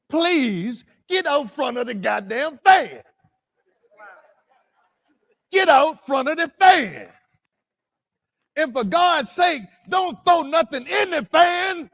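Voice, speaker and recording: A man closes a live event with folksy, blunt advice. His voice is very high for a man, and he draws his words out slowly. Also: a bit bright. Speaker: event host. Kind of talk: closing remarks to an audience.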